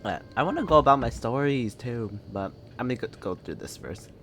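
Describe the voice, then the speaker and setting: A man's voice: medium pitch, lively intonation, brisk, a bit bright, a little hiss or hum. A young man streaming and chatting casually, telling rambling stories full of fillers and laughs. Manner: rambling, filler-heavy storytelling with frequent laughs. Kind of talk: casual chat while gaming.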